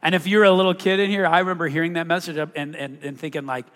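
A man's voice: a little high, fairly even intonation, rapid-fire, a bit bright, big-room sound. A man preaching a sermon to a congregation, talking through scripture in a conversational way and asking the listeners rhetorical questions. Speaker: pastor.

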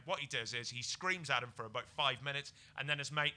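A British man, a comedian guest, telling a comic story on a podcast, jumping between quiet mutters and excited bursts. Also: fast talker. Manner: animated, swings from low mutters to excited bursts.

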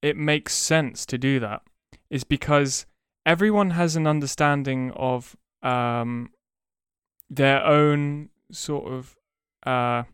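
Podcast guy talking real slow, lots of ums, super clean smooth voice, dry sound. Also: fairly high pitch, a bit bright, dry recording. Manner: slow and deliberate, many ums while explaining. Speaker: podcast co-host. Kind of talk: casual chat.

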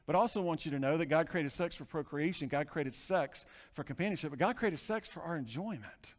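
Male pastor, high voice, animated sermon delivery, reverberant church hall. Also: a little fast, hardly any pauses. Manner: animated preaching, swinging from hushed to shouting. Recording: long reverb of a large hall.

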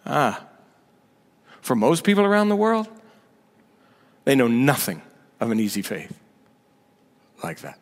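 A man's voice: mid-range voice, big pitch swings, a little slow, long pauses. A male senior pastor giving a conversational sermon with sarcastic asides, building to emphatic points. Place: church sanctuary. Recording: long reverb of a big hall.

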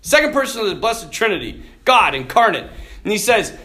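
A man's voice: high voice, very animated, brisk, bright, forceful tone. A man, a priest, giving an informal, joking retreat talk, laughing often as he preaches. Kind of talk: informal sermon.

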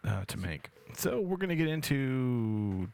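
A man's voice: medium pitch, big pitch swings, measured pace, vocal fry, a little mellow, a little hiss or hum. Laughing, crude-joking man hosting a podcast. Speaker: podcast host. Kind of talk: casual podcast chat.

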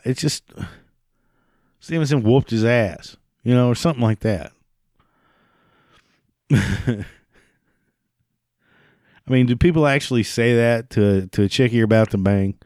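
A man's voice: medium pitch, unhurried, long pauses, darkish tone, dry recording, clean studio sound. A man ranting in a sarcastic, mocking, profane monologue. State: prone to coughing fits.

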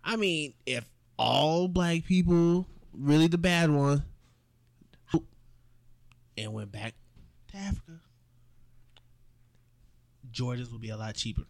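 A man's voice: a little high, expressive, takes it slowly, vocal fry, pauses often. A young man co-hosting a casual podcast chat, provocative and joking, laughing often. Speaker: podcast co-host.

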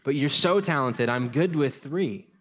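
A man's voice: medium pitch, measured pace. Casual, storytelling male pastor. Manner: conversational, self-deprecating, animated storytelling. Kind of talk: sermon.

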